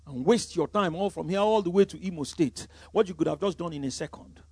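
A Nigerian man preaching a sermon as pastor, emphatic, swinging from loud declarations to quiet asides. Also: high-pitched, a little fast, breathy edge, no echo.

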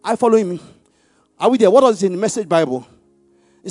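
A man preaching, leading the congregation in call-and-response and rising to loud exclamations on key words. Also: high voice, fast, long pauses, slightly rough, no room sound, studio quality. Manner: animated call-and-response, leads the congregation to repeat verses. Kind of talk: sermon.

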